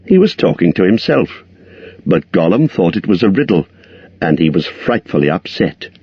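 A man narrating a storybook in a measured, expressive reading. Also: deep voice, breathy edge, no echo, highs cut off. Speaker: audiobook narrator.

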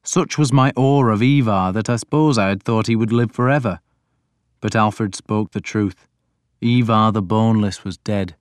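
A man giving a deliberate, even first-person audiobook narration. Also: fairly low pitch, clean tone, no room sound, studio quality.

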